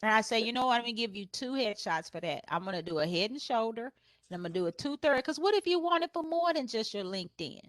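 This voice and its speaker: Lively woman photographer with a high, dry voice. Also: fast talker, no echo. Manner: lively storyteller who acts out customers in a higher voice; laughs often while talking. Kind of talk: panel discussion sharing business advice.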